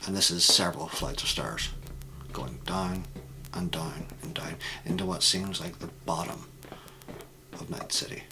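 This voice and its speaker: Deep-voiced man narrating a tabletop game. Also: unhurried, background noise. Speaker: game master.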